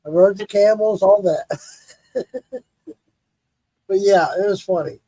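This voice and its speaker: A man's voice: high-pitched, takes it slowly, warm tone, dry recording, rough recording. A man hosting a casual livestream chat, laid-back and joking, cursing freely. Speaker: livestream host.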